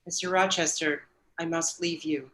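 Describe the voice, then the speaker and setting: A woman reading the part of a calm, resolute young woman in an audiobook, steady and restrained. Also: low-pitched, moderate pace, pitched below the performer's own voice, low-quality recording. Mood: firm.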